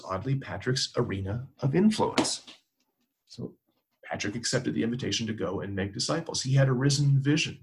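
Pastor guy preaching, gravelly voice, hammering the same line over and over. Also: fairly high pitch. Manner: emphatic, repetitive exhortation. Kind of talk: sermon.

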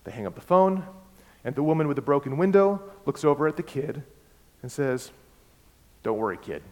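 A man preaching a sermon, emphatic and repeating key words, swinging between loud and soft. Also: on the high side, fairly quick. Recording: long hall reverb.

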